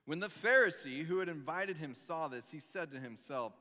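A man in his thirties preaching a sermon, telling stories with lively, dramatic pauses. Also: on the high side. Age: 30s. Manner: animated storytelling, reads scripture aloud with dramatic pauses. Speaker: pastor. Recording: long reverb of a large hall.

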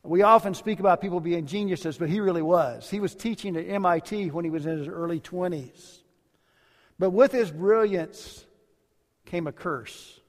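A male pastor delivering a sermon, telling stories and dropping to quiet phrase endings. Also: sits high. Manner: storytelling preacher, varies volume widely, drops to quiet endings. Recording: long hall reverb.

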